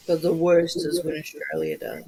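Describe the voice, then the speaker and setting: A woman's voice: low voice, big pitch swings, normal speed, mellow, slightly rough, poor audio. A woman with a New Zealand accent, hosting a casual livestream chat with viewers, blunt and swearing freely. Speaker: livestream host.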